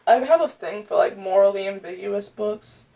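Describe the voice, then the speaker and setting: A young woman talks casually to camera, gushing and rambling as she ranks what she has read. Her voice sits at a middle pitch for a woman. It sounds a little distant from the mic. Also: normal speed, vocal fry, warm tone. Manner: chatty, gushing, rambling with many fillers. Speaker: booktuber. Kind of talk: casual book-ranking vlog.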